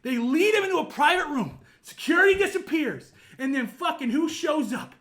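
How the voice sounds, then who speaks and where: A man co-hosting a podcast, ranting angrily with constant profanity and bursts of shouting. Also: very high-pitched, lively intonation, normal speed. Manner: angry, profane, shouting rants. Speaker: podcast co-host.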